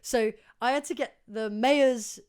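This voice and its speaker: A young woman co-hosting a podcast, telling stories in a chatty, animated way and swearing freely. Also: a little high, measured pace, smooth. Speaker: podcast co-host. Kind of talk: casual chat.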